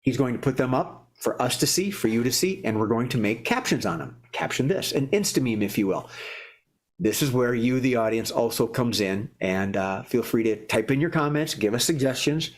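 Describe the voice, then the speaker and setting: A man's voice: medium pitch, lively intonation, normal speed. A man hosting a live improv comedy show, rambling and joking with lots of restarts. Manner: rambling, jokey, many restarts. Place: warm indoor studio.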